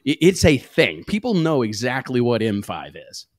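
Guy hosting a chat show, upbeat and rambly, mid pitch, dry close mic. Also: moderate pace, dry recording. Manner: energetic, rambling promoter. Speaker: talk show host. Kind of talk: casual podcast chat.

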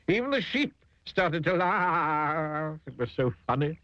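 Lively man reading a children's story. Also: fairly high pitch, takes it slowly, dry recording. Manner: lively, gently comic telling. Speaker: narrator. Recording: dull lo-fi recording, music behind.

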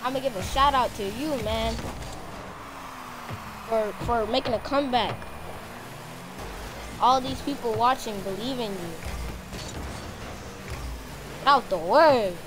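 A woman streaming a car football game live, commenting excitedly and shouting at her teammate. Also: fairly high pitch, a little slow, pauses often, music in the background.

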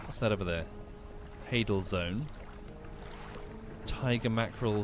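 Chatty man with lively pitch. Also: measured pace, long pauses, music in the background. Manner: chatty, wry, swears casually. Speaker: streamer. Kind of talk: casual gameplay commentary.

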